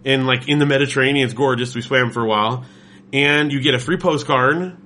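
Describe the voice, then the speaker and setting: A man's voice: medium pitch, fairly quick, sharp tone. A man from California in casual chat, telling a story with enthusiasm and plenty of filler words.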